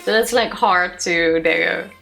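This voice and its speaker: A woman's voice: fairly low pitch, slow, creaky, sharp tone, faint music behind. A woman co-host with a Dutch accent, a native Dutch speaker, chatting casually, laughing easily and trailing off mid-sentence. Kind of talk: casual chat.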